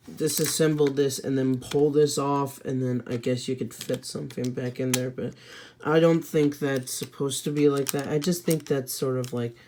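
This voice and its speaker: A woman's voice: a bass voice, darkish tone, a little hiss or hum. A woman giving a casual, rambling toy set review, hesitant with many fillers and restarts, tossing in offhand self-mocking asides.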